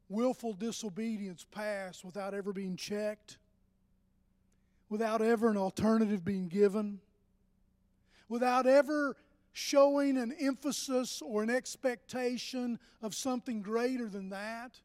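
A man's voice: high-pitched, steady tone, measured pace, darkish tone, big-room sound. An older man preaching a conversational sermon as pastor, restarting phrases and rising into emphatic bursts.

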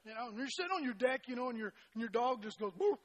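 A man's voice: extremely high pitch, rapid-fire, a bit bright, rough recording. Folksy middle-aged male pastor preaching. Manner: folksy, self-deprecating, frequent restarts and "you know". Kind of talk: sermon with personal stories.

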